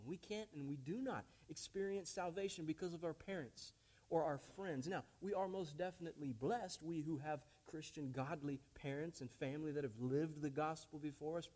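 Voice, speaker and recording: A man with a notably high voice delivers a sermon from the pulpit. He speaks emphatically to his congregation, calling them friends and church. He keeps turning points into rhetorical questions. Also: darkish tone. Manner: addresses listeners as friends and church. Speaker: pastor.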